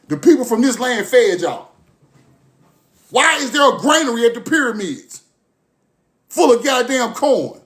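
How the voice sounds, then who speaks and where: A man delivers a passionate, profane monologue straight to his listeners. His voice sits high, and he keeps circling back to the same phrases. He moves from forceful outbursts to low, muttered stretches. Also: sing-song, unhurried, long pauses. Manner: forceful, repetitive, profane, swings from loud to low. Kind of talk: impassioned monologue to camera.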